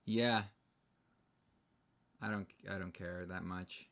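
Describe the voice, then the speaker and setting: Livestream co-host, male, low voice, loose and rambling banter. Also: fairly even intonation, takes it slowly, fairly bright tone. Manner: rambling, joking, frequent restarts. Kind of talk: casual live stream chat.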